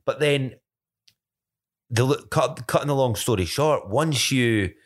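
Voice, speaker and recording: Scottish man, podcast co-host, loose rambling testimony, mid pitch, stumbles and restarts often. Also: unhurried. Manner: rambling, many restarts and self-corrections. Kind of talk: casual faith testimony chat.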